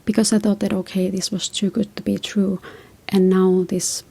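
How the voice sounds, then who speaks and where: Husky, gravelly woman giving gentle advice. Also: medium pitch, flat delivery, normal speed. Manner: reflective, tells personal stories. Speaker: relationship advice host. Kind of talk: casual advice talk.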